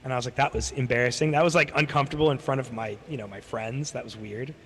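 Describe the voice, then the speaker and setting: A man's voice: mid-range voice, fairly even intonation, fast talker, a bit bright, a little hiss or hum. Rambling swearing man streamer, echoey. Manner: rambling, swears a lot, acts out quoted people. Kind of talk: casual storytelling chat. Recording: long hall reverb.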